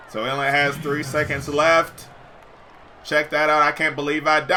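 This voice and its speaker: A man's voice: on the high side, little pitch movement, normal speed, pushed and bright, slight background noise. A young man giving slangy, hyped commentary over his own basketball video game, addressing viewers as folks. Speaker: gaming YouTuber. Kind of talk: gameplay commentary.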